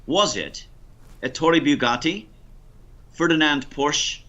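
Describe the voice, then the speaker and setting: A man with an American Ohio accent running a quiz, dry, deliberate and teasing. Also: a little high, sharp tone, lo-fi sound, slight background noise. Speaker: quizmaster.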